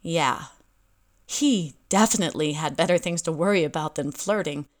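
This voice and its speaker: A woman's voice: low voice, normal speed. Wry young woman narrating a story. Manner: wry, self-deprecating. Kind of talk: audiobook narration.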